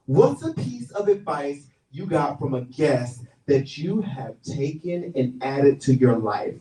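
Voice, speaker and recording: A male talk show host ribbing his live audience in a teasing, mock-serious way. His voice sits slightly high and mellow. It rings in a big echoey room, caught from far off. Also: very animated, slow pace. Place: stage before a live audience. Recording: roomy stage sound from far off.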